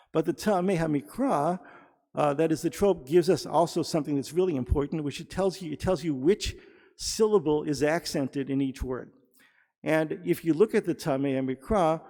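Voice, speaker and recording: A man giving a teaching sermon in a synagogue, explaining step by step and pausing often with fillers and restarts. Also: on the high side, creaky, darkish tone. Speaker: rabbi or cantor. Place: synagogue sanctuary. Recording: long hall reverb.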